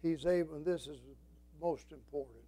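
A man's voice: a little high, moderate pace, warm tone, breathy edge, low-quality recording. An older man preaching a sermon as a pastor, folksy and emphatic, quoting scripture and telling stories.

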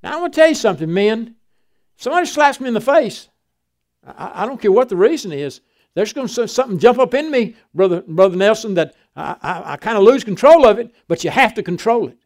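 An older man preaching a sermon, swinging from loud emphatic declarations to quiet, folksy storytelling. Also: sits high, very animated, fairly quick.

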